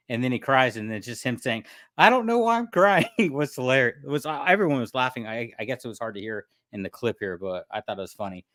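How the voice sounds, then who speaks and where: A man's voice: mid-range voice, fairly bright tone, dry recording. A man co-hosts a casual podcast, telling stories animatedly and laughing often. His voice sits in a middle range. The sound is dry and close. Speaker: podcast co-host.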